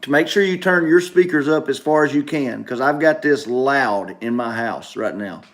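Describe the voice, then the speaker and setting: A middle-aged man hosts a casual talk livestream from home, speaking at medium pitch and normal speed. He's emphatic, repeating his points and his instructions to viewers.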